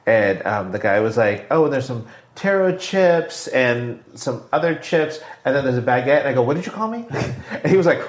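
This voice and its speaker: A man's voice: mid-range voice, expressive, normal speed, few pauses. A man co-hosting a casual podcast chat, joking playfully and laughing often. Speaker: podcast co-host. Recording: roomy echo.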